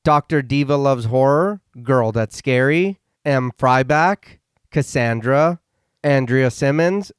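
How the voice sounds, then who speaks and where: A man's voice: medium pitch, takes it slowly, clean tone, dry recording, studio quality. A man co-hosting a horror podcast, steadily reading out a long list of supporters' names. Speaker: podcast co-host. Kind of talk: reading a patron thank-you list.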